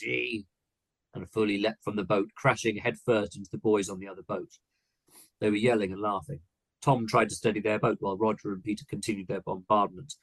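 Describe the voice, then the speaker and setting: A low-voiced man with a husky edge reads a short story aloud, steady and earnest. The sound is dry and close, with no room around it. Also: no echo, low-quality recording. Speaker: podcast co-host reading his story.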